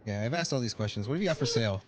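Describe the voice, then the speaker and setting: A man streaming a video game from home at night, chatting casually and quietly about what is on screen. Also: mid-range voice, animated, very fast, no room sound. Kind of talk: casual gameplay chat.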